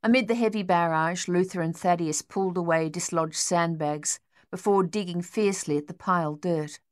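Low-voiced woman narrating an audiobook. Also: no echo, clean studio sound. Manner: steady, measured storytelling. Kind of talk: scripted narration.

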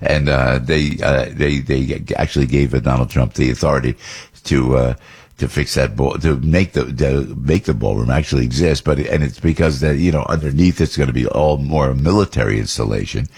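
A man's voice: extremely low pitch, moderate pace, a little mellow, breathy edge. An older man hosting talk radio, delivering an indignant, repetitive opinion monologue. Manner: indignant ranting, repeats himself. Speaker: radio host.

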